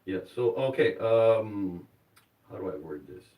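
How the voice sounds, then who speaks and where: A man doing a live stand-up comedy set on a club stage, rambling and halting, then rising to excited shouts in his stories. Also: on the low side, recorded from a distance, rough recording.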